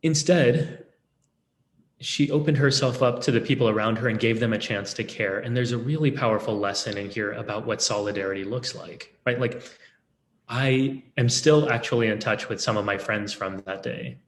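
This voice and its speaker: A man in his thirties telling a personal story in a reflective, halting way, often restarting his words. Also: mid-range voice, slight background noise. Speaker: speaker. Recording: echoey room.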